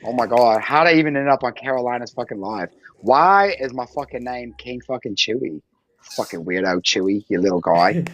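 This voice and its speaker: A man on a livestream panel, talking in loud, profane, laughing banter. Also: mid-range voice, lively intonation, moderate pace, highs cut off. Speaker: panel guest. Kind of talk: casual profane chat. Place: livestream call.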